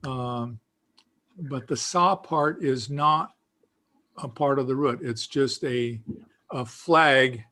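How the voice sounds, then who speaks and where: A man teaching a beginners' Greek class in a slow, patient, explanatory way, with frequent fillers. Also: mid-range voice, pushed and bright. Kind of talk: casual teaching.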